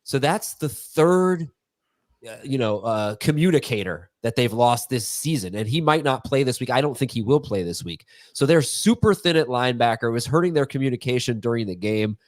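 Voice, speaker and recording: A man's voice: mid-range voice, lively intonation, normal speed, no echo. A man hosting a live sports Q&A show in a loose, chatty way, reading viewer questions. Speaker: host. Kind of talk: casual live Q&A chat.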